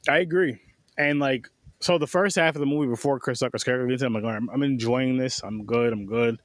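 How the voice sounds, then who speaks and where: A man co-hosting a casual movie review chat, excitable and swearing freely. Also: medium pitch, fast, dry recording. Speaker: podcast co-host.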